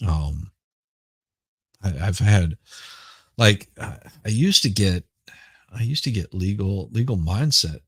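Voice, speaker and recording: A middle-aged man with a Southern accent, hoarse right now, chatting casually and rambling on a livestream. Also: deep voice, lively intonation, fairly bright tone, no echo. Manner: rambling, halting, repeats words. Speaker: livestream host. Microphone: headphones with mic.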